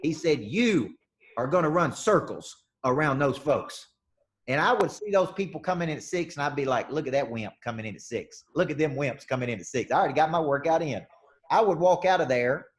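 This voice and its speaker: A man from the southern United States runs a live sales coaching session, energetic and punchy, repeating questions for emphasis. His voice is a little high.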